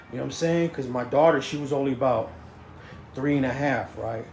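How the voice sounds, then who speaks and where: A slightly fast man with a mid-range, darkish voice rambles through a casual story. Stammering and restarting, he repeats "you know what I'm saying" often, and faint noise sits in the echoey room around him.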